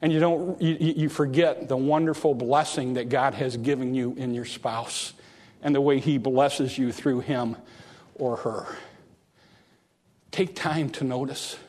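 A man's voice: mid-range voice, fairly even intonation, unhurried, a little mellow. A man preaching a sermon earnestly, repeating phrases and restarting words as he goes. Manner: earnest, repetitive, with stumbling restarts.

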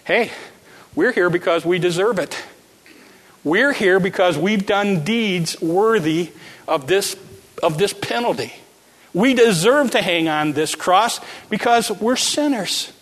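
A humble condemned thief speaks soberly and earnestly, pleading for mercy, as a preacher acts him out. His tone is bright and a little high. A long hall reverb hangs after each phrase. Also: animated, slow pace, heavily acted. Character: repentant crucified thief, grown man, humble and earnest.

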